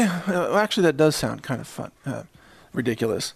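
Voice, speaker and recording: Male host, sarcastic ranter, higher register, dead-dry room. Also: sing-song, brisk, creaky, husky, no room sound. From Southern US. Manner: sarcastic, chuckling between jabs. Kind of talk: ranting monologue.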